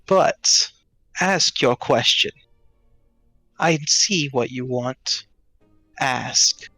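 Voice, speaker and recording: A man's voice: medium pitch, drawn-out words, sharp tone, faint music behind, heavily acted. A man voicing a callous, mocking male tree spirit that taunts and speaks in riddles. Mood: taunting. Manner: taunting, cryptic, laughs callously.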